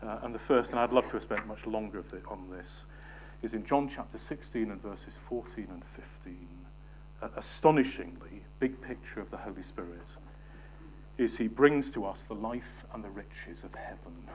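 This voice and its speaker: A man preaching a sermon, moving from emphatic scripture reading to soft, almost whispered asides and questions to the congregation. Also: lowish voice, normal speed, slight background noise.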